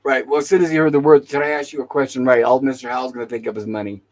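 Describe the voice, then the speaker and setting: A man's voice: medium pitch, flat delivery, very fast, rough recording. A man hosting a talk show, casually retelling TV episode scenes and quoting the characters' lines. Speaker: podcast host.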